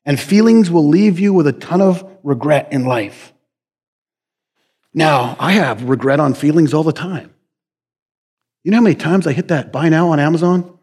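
A man's voice: a little high, normal speed, pauses often, a little mellow, slightly rough, long reverb tail. A male pastor preaching a sermon in a conversational, joking way, often checking in with "right?".

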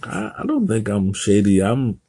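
A man speaks in an easy, unhurried way, his voice low and mellow with a husky edge. The sound is close and dry, with no room around it, and he pauses and restarts as he weighs his words. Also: sing-song, no echo. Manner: measured, hesitant, dry. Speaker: podcast co-host. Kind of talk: casual chat.

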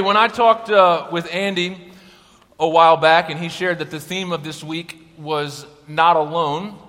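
A young man, a youth pastor, preaching to a crowd of students in an upbeat, joking, energetic way. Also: a little high. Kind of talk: youth sermon. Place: large worship hall. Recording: long hall reverb.

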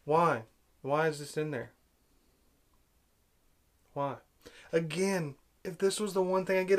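A high-voiced man delivering a ranting film commentary. He is sarcastic and exasperated, hammering the same complaints again and again. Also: takes it slowly, long pauses. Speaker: movie reviewer.

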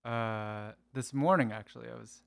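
A man's voice: medium pitch, moderate pace, creaky, clear, resonant tone. A young man in graduate school, a podcast guest, talking casually in short, hesitant answers. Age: young adult. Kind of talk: casual chat.

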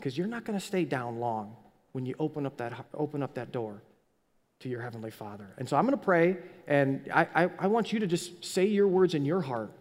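A man's voice: on the high side, fairly quick. A man preaching a sermon as pastor, telling stories animatedly and often restarting his words. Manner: animated storytelling with frequent restarts. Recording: long hall reverb.

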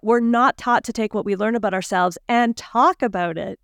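Woman, podcast guest, confident, emphatic, mid pitch, dry sound. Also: normal speed, gravelly, a bit bright, smooth, no room sound. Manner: confident, emphatic advice-giving. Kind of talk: casual podcast conversation.

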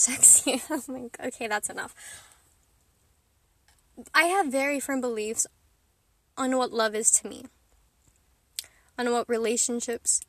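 A woman's voice: high voice, sharp tone, dry recording. A woman hosting a casual vlog from inside her car, rambling and chatty with frequent giggles and self-mocking asides. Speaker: vlogger host.

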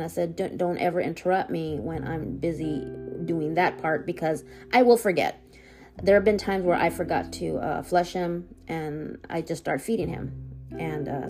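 A woman hosting a personal podcast as a family caregiver, talking in halting sentences full of fillers and restarts. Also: lowish voice. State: near tears, voice rising and breaking.

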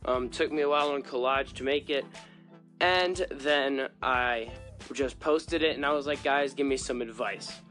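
A man's voice: medium pitch, a little slow, a bit bright, soft background music. A man hosting a casual fan podcast, talking in a playful, chatty way. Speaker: podcast host.

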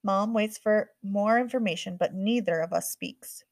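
A woman narrating a first-person audiobook in a quick, earnest storytelling manner. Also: medium pitch, no echo.

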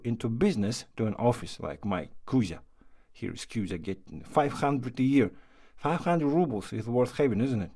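A man's voice: mid-range voice, a little mellow, lightly acted. A man reading a story aloud and voicing an indignant aunt who berates the mother. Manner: indignant, hectoring, scornful. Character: sharp-tongued meddling aunt.

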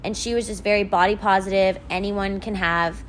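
A woman's voice: medium pitch, steady tone, fairly quick, poor audio. A young woman with a mid-range voice chats casually with a co-host. She sounds enthusiastic, filling her sentences with "um" and "like" over a faint background hiss. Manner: enthusiastic, lots of likes and ums. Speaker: podcast co-host. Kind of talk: casual chat.

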